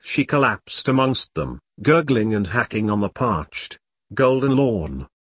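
A man narrating an audiobook with dramatic storytelling. His husky voice moves lively in pitch, recorded close and dry. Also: measured pace, dry recording.

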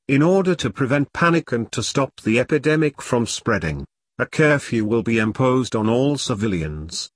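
A man's voice: medium pitch, dry recording, clean studio sound. A man reading as a pompous army captain. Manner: bossy, brisk, dismissive. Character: pompous self-important middle-aged male platoon captain.

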